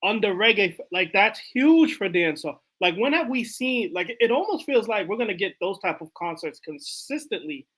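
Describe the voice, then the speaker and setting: Hosting a casual live chat, this man talks in a loose, conversational manner packed with fillers like "like" and "you know." His voice is high and a bit bright, with big swings in pitch, delivered at normal speed with few pauses.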